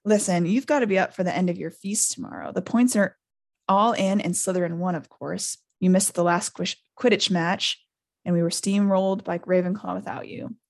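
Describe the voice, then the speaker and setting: A woman's voice: lowish voice, moderate pace, gravelly. A woman hosting a podcast, reading a book aloud live with character voices and chatty asides. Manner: reads with animated character voices, laughs often.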